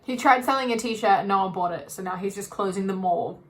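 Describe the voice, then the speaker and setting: A woman co-hosting a podcast in a casual chat, telling stories in an animated way with sudden jumps in pitch. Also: a little fast. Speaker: podcast co-host.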